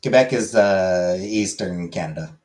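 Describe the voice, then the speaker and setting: A young man talks loosely to his stream viewers, drifting from point to point with plenty of "like" and "you know." His voice sits a bit low and easygoing. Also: a little slow. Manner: relaxed, rambling with many fillers. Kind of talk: casual chat with viewers.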